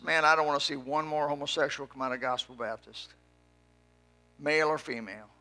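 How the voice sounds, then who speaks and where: A pastor preaching a fiery sermon to his church congregation, dropping to a hush and then rising to a shout. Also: fairly high pitch, fairly even intonation, a little fast.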